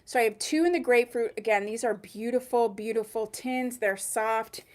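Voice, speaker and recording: A woman hosting a live online wig sale, describing products in a chatty, unhurried way. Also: on the high side. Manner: chatty, unhurried, drawn-out pauses. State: hiccuping. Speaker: online wig shop host.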